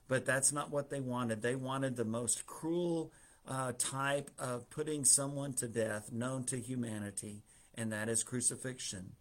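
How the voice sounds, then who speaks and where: A middle-aged male pastor preaching a sermon, retelling the scenes as a story and raising his voice when he quotes the people in them. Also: medium pitch. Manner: storytelling, acts out the Bible scenes with raised voice for quoted figures.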